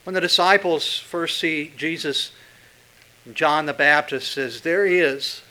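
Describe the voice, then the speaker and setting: A man preaching a sermon, pressing hard on key words and dropping to a hush when quoting Scripture. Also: on the high side, unhurried, poor audio. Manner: emphatic, swinging from loud stresses to hushed quotes. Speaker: pastor.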